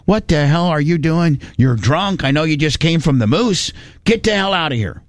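A man voicing his rugged, gruff middle-aged father, who talks bluntly and bossily and curses. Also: on the high side, expressive, normal speed, dry recording, studio quality, close to an everyday voice. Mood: angry.

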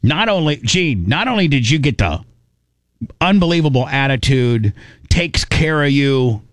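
A man's voice: mid-range voice, sing-song, measured pace, no echo. A man hosting a radio show in his studio, rambling and stammering through emotional casual banter. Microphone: studio microphone.

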